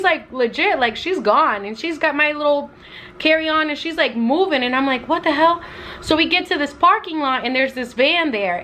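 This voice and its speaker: Young woman, travel vlogger, animated storyteller, bright and somewhat high voice, faint noise behind. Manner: animated, acts out quotes with lots of "like". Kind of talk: casual storytelling to camera.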